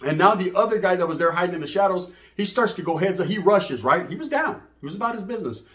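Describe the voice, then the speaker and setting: A middle-aged man with a high, fairly bright voice and lively intonation rattles off a foul-mouthed, streetwise tale to camera as a channel host. He talks fast, drops Spanish slang, and keeps checking in with "right?" and "you know what I mean?"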